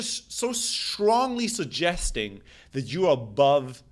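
A man coaching salespeople in an emphatic, animated talk to camera, repeating his key phrases. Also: fairly high pitch.

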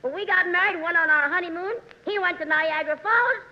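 A woman's voice: very high-pitched, fast talker. A woman playing a bawdy, man-chasing society dowager in a 1940s radio comedy, drawling her lines and laughing at her own jokes. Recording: noisy, dull 1940s radio transfer.

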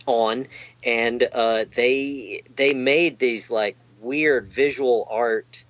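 A man's voice: mid-range voice, steady tone, very slow, fairly bright tone, dry recording, highs cut off. A man chatting in an interview, rambling and self-deprecating, with lots of fillers and restarts. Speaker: amp technician guest. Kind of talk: casual interview chat.

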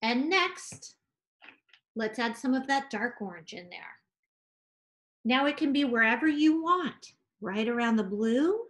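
A woman art teacher gently talking children through a painting demonstration, encouraging and sing-song. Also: on the high side, lively intonation, measured pace.

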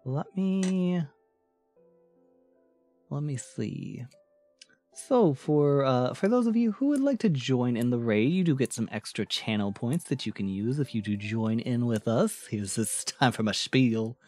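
A man chatting casually on a live stream, playful and quick to laugh, shifting his voice from bright to low. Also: very animated, faint music behind.

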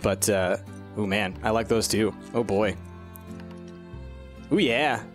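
A man's voice: fairly low pitch, takes it slowly, faint music behind. A man hosting a let's-play, chatting casually and animatedly over gameplay and cooing at the game's creatures.

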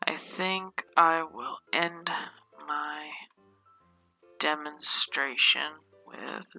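A woman's voice: low-pitched, extremely slow, pushed and bright, soft background music, low-quality recording. A woman giving casual gameplay commentary, swearing often, exasperated and laughing at herself. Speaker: gameplay streamer.

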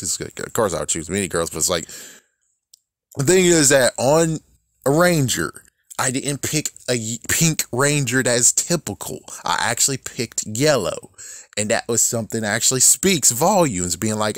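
A man's voice: mid-range voice, expressive, moderate pace, no echo. Man in his thirties rambling, dry sound. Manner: rambling, profane, laughs often. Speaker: YouTube show reviewer. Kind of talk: casual rant.

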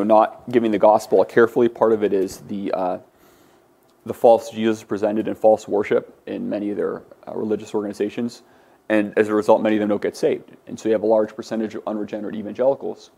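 A man's voice: on the low side, vocal fry, dark tone. A man teaching a Greek class, lecturing in a conversational way with many fillers and restarts. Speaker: Greek instructor.

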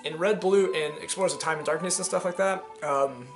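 A man's voice: fairly high pitch, fairly quick. Rambling young man over game music. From Georgia, US. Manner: rambling, profane, many fillers. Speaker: let's play host. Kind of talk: casual gameplay commentary.

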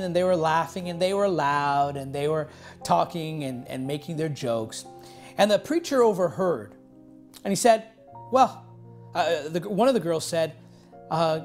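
A male pastor telling a story in a sermon, halting often with fillers and restarts. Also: a little high, darkish tone.

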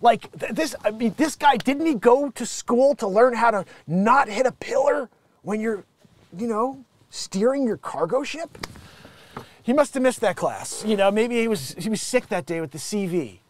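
A man hosting a comedy news show, riffing and rambling with jokey asides between loud bursts and mutters. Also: very high voice, animated, normal speed.

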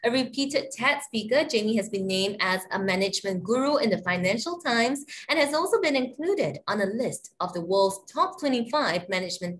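A woman's voice: medium pitch, a bit bright. A woman with a Singaporean accent reads a formal scripted introduction as host of an online seminar. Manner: polished, formal announcer delivery. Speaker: webinar host. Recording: faint background noise.

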